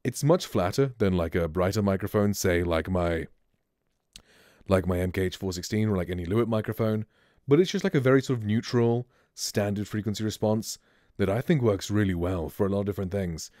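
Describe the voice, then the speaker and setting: A man with a somewhat low voice talks through a casual microphone review in a loose, rambling way. He sits close to a studio mic at his home streaming setup. The sound is dry, with no room echo. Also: a little fast, darkish tone. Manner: laid-back, rambling.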